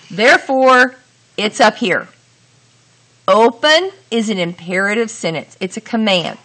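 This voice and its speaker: Woman teacher, unhurried and bright-toned, walks students through each sentence step by step. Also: on the high side. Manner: slow, deliberate, talks through each step. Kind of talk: grammar lesson.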